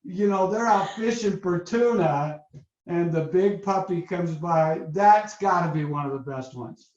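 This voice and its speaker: Upbeat high-voiced male webinar host. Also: measured pace. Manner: lively, storytelling, upbeat. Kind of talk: motivational webinar talk. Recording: roomy, dull lo-fi webinar audio.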